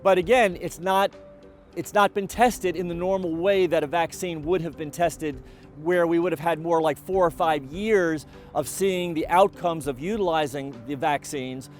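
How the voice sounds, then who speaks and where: A middle-aged man giving a college president's video update, speaking in a measured, deliberate way with frequent fillers and restarts. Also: on the high side, soft background music.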